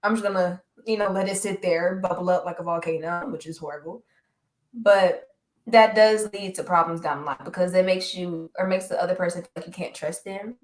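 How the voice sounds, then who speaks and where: A woman's voice: lowish voice, fairly even intonation, fairly quick. A woman co-hosting a podcast in casual chat, easygoing and reflective. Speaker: podcast co-host. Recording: roomy echo.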